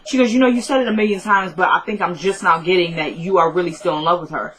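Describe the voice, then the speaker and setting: A woman's voice: fairly low pitch, quick pace, a bit bright, poor audio. A woman casually recapping a TV episode, retelling each scene as quoted back-and-forth dialogue with loose fillers. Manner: loose, filler-heavy storytelling. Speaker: show recapper.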